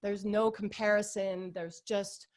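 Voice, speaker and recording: A woman's voice: mid-range voice, little pitch movement, unhurried. A woman in her forties, a guest on an interview podcast, talking in a casual, upbeat and earnest way with lots of filler words. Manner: upbeat, warm, earnest with lots of "like" and "you guys".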